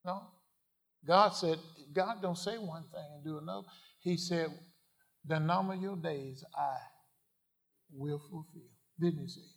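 A man preaching a sermon, asking the congregation questions and swinging from quiet asides to loud declarations. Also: a little high, measured pace, long pauses. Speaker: pastor.

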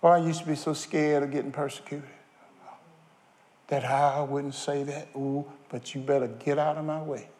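A man's voice: a little high, fairly even intonation, moderate pace, darkish tone. A man preaching a sermon, firing questions at his congregation. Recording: long hall reverb.

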